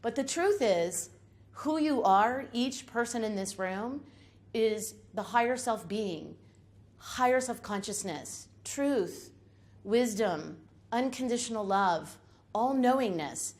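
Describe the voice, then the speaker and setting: A woman's voice: on the high side, animated, slow. Woman giving an uplifting stage talk. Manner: emphatic, uplifting, repetitive lists. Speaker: public speaker. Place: room with a live audience.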